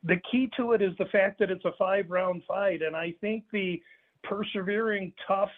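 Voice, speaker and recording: Male fight analyst, high voice, measured and halting, phone-line audio. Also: fairly even intonation. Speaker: sports analyst co-host. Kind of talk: casual sports analysis.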